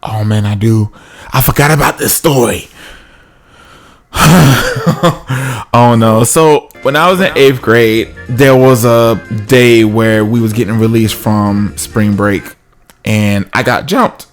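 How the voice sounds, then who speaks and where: A man's voice: fairly low pitch, measured pace, faint music behind. A man casually telling a comic personal story, acting out the other people's voices.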